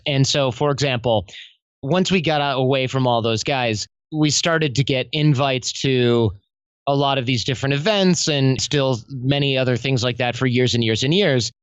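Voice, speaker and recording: Male podcast guest, casual and animated storyteller, slangy; muffled, dry recording. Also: mid-range voice, moderate pace, smooth, no room sound. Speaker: podcast guest, self-development coach. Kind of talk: casual conversational interview.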